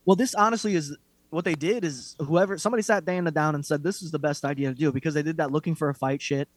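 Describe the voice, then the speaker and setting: Male podcast co-host, slightly high voice, dry close sound, blunt and mocking rants, profane. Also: quick pace, no echo. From Irish heritage. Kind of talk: casual MMA chat.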